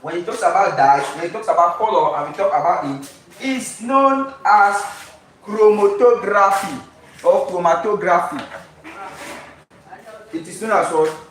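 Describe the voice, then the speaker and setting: A man runs an exam-prep chemistry lesson, pausing again and again on a questioning "what?" so learners supply the answer. His voice sits high for a man and is caught from some distance from the mic. A heavy echo fills the room, with a faint background hiss. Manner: drills students with repeated call-and-response questions. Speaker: chemistry tutor. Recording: very echoey room, voice far from mic, faint noise.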